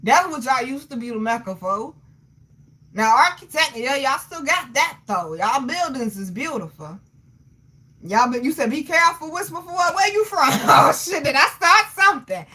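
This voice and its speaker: A woman in her thirties hosting a livestream, answering her chat in a loud, animated way, laughing often and swearing freely. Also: high-pitched, unhurried, slightly rough. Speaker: livestream host reading chat. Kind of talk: casual chat.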